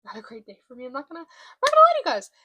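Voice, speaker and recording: A young woman in a confessional vlog, speaking candidly and haltingly while holding back emotion. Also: high-pitched, huge pitch swings, pushed and bright. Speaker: vlogger. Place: room by a window, at home.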